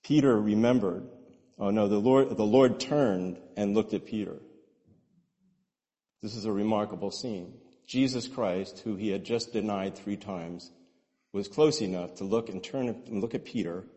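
A man preaching a sermon in an animated way, with rhetorical questions and repeated words. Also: lowish voice, measured pace. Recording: long hall reverb.

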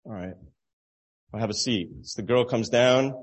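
A man telling a moral story at an easy, halting pace, chuckling now and then, in the manner of a sermon illustration. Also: medium pitch. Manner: relaxed, halting storyteller who laughs at his own story.

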